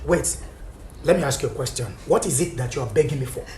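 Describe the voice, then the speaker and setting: An actor plays a betrayed husband who rages at his wife, his high, strained voice bouncing around an echoey room. He shouts, then drops to a bitter hush. It is a staged talk-show confrontation. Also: animated, a little fast, a little hiss or hum. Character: betrayed furious husband, middle-aged father.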